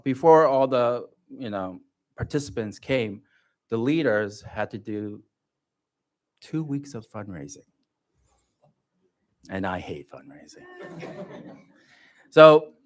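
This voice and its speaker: A man giving a personal testimony at a church livestream, telling his story in an animated way and joking about himself. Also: medium pitch. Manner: animated storytelling, self-joking, laughs often. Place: church gathering.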